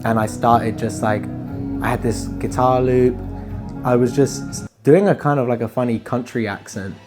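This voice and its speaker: A man, a musician, chatting casually in an interview in a relaxed, rambling way that trails off softly at times. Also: medium pitch, normal speed, over music. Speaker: musician guest.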